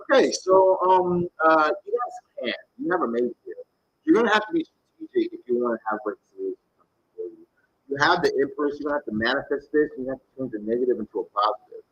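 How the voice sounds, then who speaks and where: A man's voice: mid-range voice, sing-song, quick pace, creaky, a bit bright, dull audio, slight background noise. A man giving live tarot readings to viewers, talking bluntly, animatedly and with casual swearing. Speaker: tarot reader.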